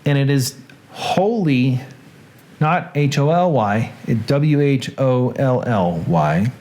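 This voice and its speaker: A man's voice: medium pitch, animated, slow, a little mellow. A man with a Southern accent hosting a casual livestream, chatting in a rambling way with asides and restarts. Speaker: host.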